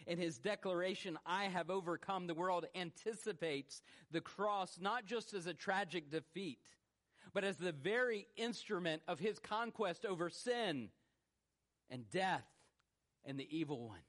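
A man preaching a sermon as a pastor, swinging between loud rhetorical questions and hushed, low emphasis. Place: church sanctuary.

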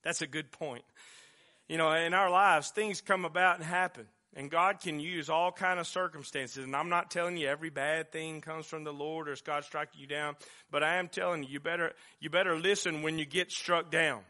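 Man, pastor preaching, high voice, bright edgy tone, hushed then loud. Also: fairly even intonation, moderate pace. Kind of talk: sermon.

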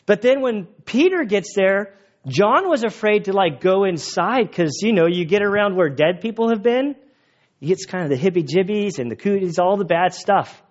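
A man's voice: sits high, expressive, normal speed, muffled recording. A man preaching a sermon, retelling scripture casually and playfully, acting out lines of dialogue. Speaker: pastor.

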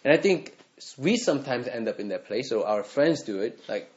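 A man's voice: mid-range voice, expressive, normal speed, a little mellow, muffled recording. Earnest male pastor preaching in conversational style. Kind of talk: sermon.

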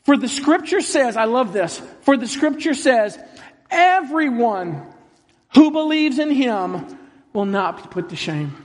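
A man preaching a sermon to a congregation, speaking emphatically and putting questions to the crowd. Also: sits high. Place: large hall with congregation. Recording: long hall reverb.

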